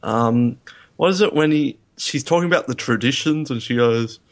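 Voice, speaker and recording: A man's voice: mid-range voice, normal speed. A man in a casual film review chat, rambling and hesitant with many ums. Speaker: podcast co-host.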